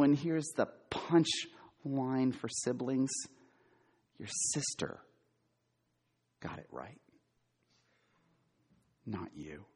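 A middle-aged man preaching a sermon, quizzing his listeners and repeating key words for emphasis, sometimes loud and sometimes hushed. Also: on the low side, slightly rough. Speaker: preacher, former campus minister.

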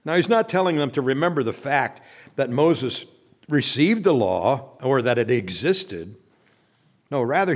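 Reading long stretches of scripture aloud, a pastor gives a sermon with real earnestness. His phrases tend to trail off into a soft, low voice.

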